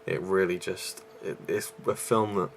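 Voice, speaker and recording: A man's voice: deep voice, fairly even intonation, a little slow, creaky, a little hiss or hum. A man reviewing a movie in a casual vlog, out of breath and rambling with many fillers and restarts.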